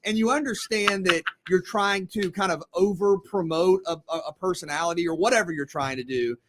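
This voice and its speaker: A man's voice: high-pitched, brisk, noisy background. A man co-hosting a sports radio show who talks casually, stumbling and repeating words.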